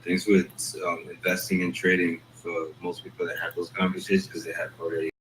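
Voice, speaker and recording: Low flat-voiced man, rambling chat. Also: fairly quick, slight background noise, rough recording. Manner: rambling, streetwise, talks in loose asides. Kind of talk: casual chat.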